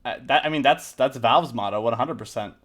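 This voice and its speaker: A male podcast host chatting over a group call, mid-pitched and ordinary in tone. He teases his guests and drops swear words casually. He keeps the conversation rolling from topic to topic. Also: a little fast, a crowd in the background. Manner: joking, swears freely. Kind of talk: casual chat.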